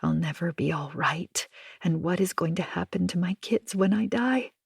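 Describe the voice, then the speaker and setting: A woman narrating an audiobook in a measured, hushed first-person telling. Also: on the low side, creaky, breathy edge, no room sound, clean studio sound. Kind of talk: scripted narration.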